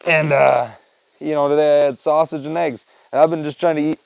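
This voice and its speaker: A man's voice: a little high, steady tone, brisk, gravelly, clear, resonant tone, no echo, poor audio. A man chatting loosely to his camera at home, rambling, swearing and laughing as he tells a story. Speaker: vlogger. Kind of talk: casual rambling chat to camera.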